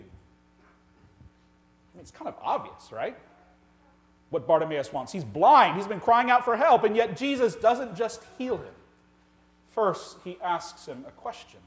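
A man preaching a sermon as the pastor of his church, earnest and full of rhetorical questions, swinging from loud emphasis to quiet, slow lines. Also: high-pitched, big pitch swings. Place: church sanctuary.

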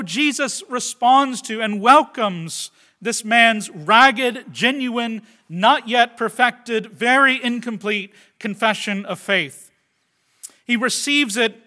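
A man preaching a sermon with earnest delivery, moving from loud, stressed phrases to quiet asides and often turning to the listeners with questions like "right?". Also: sits high. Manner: addresses the listeners directly with tag questions. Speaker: pastor.

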